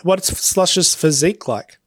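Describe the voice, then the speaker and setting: A man with a fairly high voice trading jokes on a podcast. He teases with quick interjections, and the recording is close and dry with no room sound. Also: slightly rough, no room sound. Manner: teasing, joking interjections. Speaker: podcast co-host. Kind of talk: casual podcast chat.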